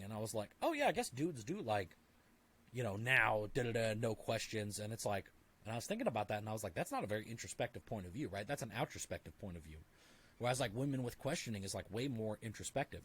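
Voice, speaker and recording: On the low side, a bit bright and slightly rough, this man's voice comes from a podcast guest in casual conversation. He stresses his points, says "like" a lot, and often plays out little dialogues in assorted voices.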